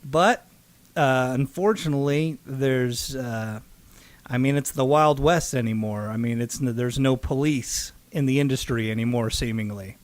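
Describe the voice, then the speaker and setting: A man co-hosting a casual podcast, telling stories in an animated way and mimicking other people's voices. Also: unhurried, no echo. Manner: animated storyteller, mimics voices with big pitch jumps. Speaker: podcast co-host.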